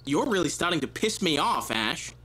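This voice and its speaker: A man's voice: fairly high pitch, very animated, moderate pace, a crowd in the background. An actor with an Australian accent playing a foul-mouthed, lazy male dragon in a cartoon. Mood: menacing. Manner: crude, swearing, slangy.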